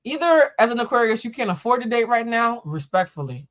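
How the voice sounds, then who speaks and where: A woman's voice: a little high, big pitch swings, fairly quick. A woman hosting a live-stream tarot reading on a laptop setup, talking casually with viewers, laughing and joking and swearing freely. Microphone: laptop or camera setup.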